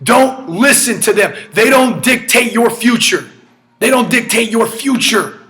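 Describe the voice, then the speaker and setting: Male preacher, high bright voice, punchy repetitive delivery, frequent shouts. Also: expressive, a little slow. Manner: emphatic, repetitive, often shouting. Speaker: motivational speaker. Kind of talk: energetic motivational sermon.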